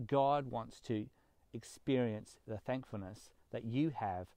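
A man's voice: mid-range voice, slow pace, warm tone, dry recording. A man giving a sermon, speaking earnestly and pushing up on his key words. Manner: earnest, emphatic preaching with rising stresses. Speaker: pastor.

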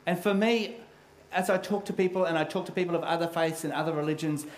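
Storytelling pastor in an echoey hall. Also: male voice, a little high, fast. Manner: storytelling, candid and self-deprecating. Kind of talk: sermon.

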